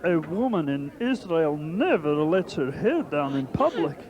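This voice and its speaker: An actor playing an excitable, gossipy onlooker in a puppet Bible story, giving breathless commentary. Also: male voice, on the high side, unhurried, lo-fi sound. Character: excitable middle-aged male onlooker, gossipy.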